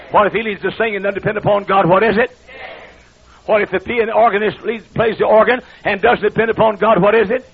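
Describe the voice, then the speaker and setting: Man, preacher, high-pitched voice, gravelly rasp, fiery sermon, dull lo-fi recording. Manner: shouting rhetorical questions, drawling Southern preacher cadence.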